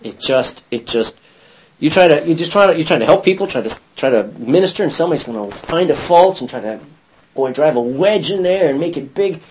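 A man's voice: on the high side, animated, brisk, a little mellow, breathy edge, rough recording. A man leading a Bible study class, reading scripture aloud and putting questions to his students.

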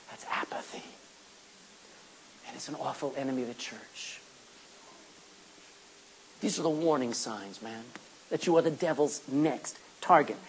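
Animated husky male preacher. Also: high voice, poor audio. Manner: animated, quoting scripture and acting out asides. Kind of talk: sermon.

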